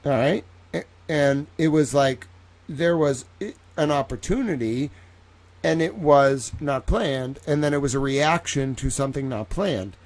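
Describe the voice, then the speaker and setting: A man's voice: mid-range voice, normal speed, darkish tone. A tired young man hosting a late-night live stream, rambling playfully and chatting with viewers by name.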